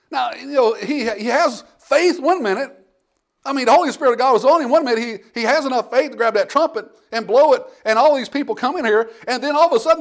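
A man with a high voice delivering a sermon. He preaches conversationally, restarting phrases and acting out the people in the story. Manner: conversational preaching with frequent restarts and acted-out quotes. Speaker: pastor.

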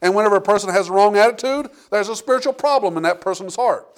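A man preaching a sermon with emphatic delivery, reading scripture aloud and swinging between loud and quiet passages. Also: high voice, quick pace. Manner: emphatic preaching, rising and falling in volume, reads scripture aloud.

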